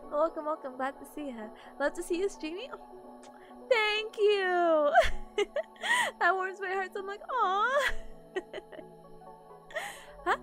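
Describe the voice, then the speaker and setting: A woman's voice: high-pitched, a bit bright. A sleepy woman streamer chatting casually with her viewers, giggling often and greeting people in chat.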